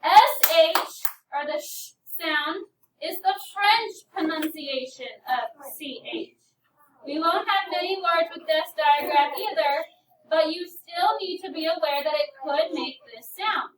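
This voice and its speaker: A woman with a very high-pitched voice, speaking a little slowly, teaches a phonics lesson, patiently prompting her class and calling on students by name. This elementary teacher is recorded from far off in an echoey classroom with crowd noise.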